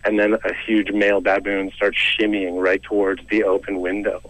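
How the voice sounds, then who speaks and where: Low-voiced young man telling a funny story. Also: monotone, moderate pace, fairly bright tone, rough recording. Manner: chatty, self-mocking, laughs between lines. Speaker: comedian and storyteller guest. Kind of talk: casual storytelling interview.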